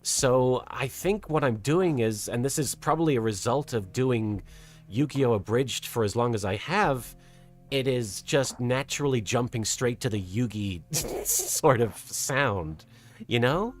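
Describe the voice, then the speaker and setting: A soft-spoken streamer with an English accent drifting toward American, chatting casually with a live chat and working toward a lighter, more feminine voice placement. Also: medium pitch, animated, unhurried, soft background music. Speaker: streamer and host. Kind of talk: casual livestream chat, reading out chat.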